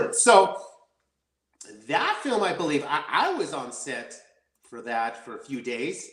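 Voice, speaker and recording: Rambling, excitable actor in an echoey room. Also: male voice, fairly high pitch, takes it slowly. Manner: excitable, rambling, laughs easily. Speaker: actor guest. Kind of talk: casual interview chat.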